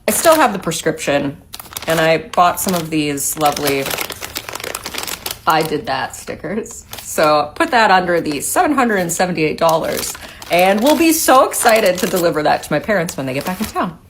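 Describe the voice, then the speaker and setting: A woman's voice: lowish voice, animated, moderate pace, slight background noise. A woman in a casual storytime video, acting out her family's voices as she tells it.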